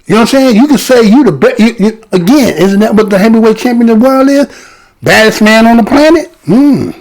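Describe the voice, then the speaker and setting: A man talks through history in a relaxed, conversational way, with a lively voice that swings up and down. He keeps turning to his listeners with quick rhetorical check-ins. His tone is high and carries a gravelly edge. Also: low-quality recording. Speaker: commentator. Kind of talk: casual history commentary.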